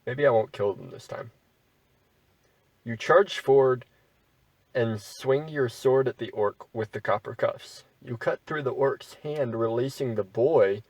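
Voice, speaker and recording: Male gamer narrating a text adventure, slow unhurried delivery, dry close voice, wry asides. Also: medium pitch, a little mellow, no echo, far from the mic, poor audio. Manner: wry, bemused asides between read-out passages. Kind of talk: reading game text aloud with commentary.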